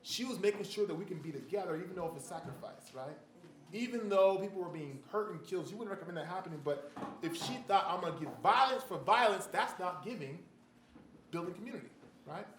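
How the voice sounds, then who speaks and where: A man delivers a sermon in a quick, conversational rush, his voice sitting a little high. He keeps checking in with the congregation and explains ideas with everyday examples. The church room echoes around him, with a faint hum of ambience. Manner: conversational, animated, frequent "right?" asides. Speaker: pastor.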